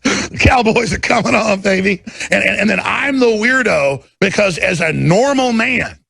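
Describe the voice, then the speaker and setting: A middle-aged man delivering an impassioned rant, swinging from low, intense muttering to loud shouting, with a gravelly, husky voice. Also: expressive, normal speed, no room sound. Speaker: talk show host.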